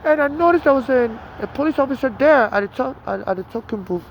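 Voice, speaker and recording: A man with a Nigerian accent and an extremely high, animated voice rattles off a long, casual story. He's agitated and rambling, talking fast with many restarts and "you know"s. The outdoor recording is dull and lo-fi, with traffic behind him.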